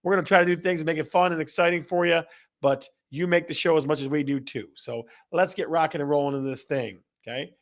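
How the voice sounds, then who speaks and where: High-spirited man hosting a live show. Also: a little fast. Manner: energetic, auctioneer-like, repeats questions. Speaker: host. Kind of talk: livestream show host reading chat.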